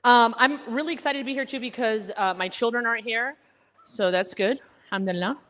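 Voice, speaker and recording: A woman's voice: fairly high pitch, a little fast, fairly bright tone. Woman stand-up, American accent like someone from Connecticut, at a gala, teasing and self-deprecating. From Egypt, raised in Alabama. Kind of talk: stand-up comedy set. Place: banquet hall with a live audience.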